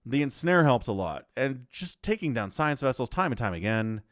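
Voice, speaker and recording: A man casting a strategy game match on his own, talking with lively excitement. His voice sits at an ordinary pitch but rises and falls all over the place. The recording is dry and close, with no room echo at all. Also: moderate pace. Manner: excitable and animated, breaks into laughs. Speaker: StarCraft shoutcaster. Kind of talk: solo game commentary.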